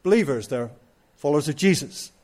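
A man's voice: fairly high pitch, expressive, fairly quick, a little mellow. A man preaching a sermon, stressing his points and putting rhetorical questions to the congregation.

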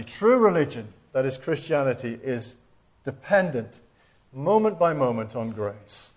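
A middle-aged man preaching a sermon in an earnest, reflective way, with shifts in loudness for emphasis. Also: medium pitch.

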